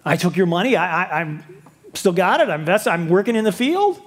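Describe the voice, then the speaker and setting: A man's voice: high voice, animated, a little fast. A man voicing a resentful, self-righteous elder son who complains and justifies himself. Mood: indignant. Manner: indignant, pleading, self-justifying.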